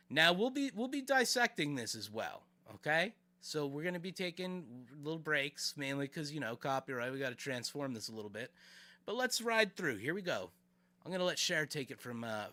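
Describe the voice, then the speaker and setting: A man's voice: on the high side, no echo. A man streaming live, chatting casually with his viewers as he reacts to a clip. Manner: animated, chatty, talks to chat.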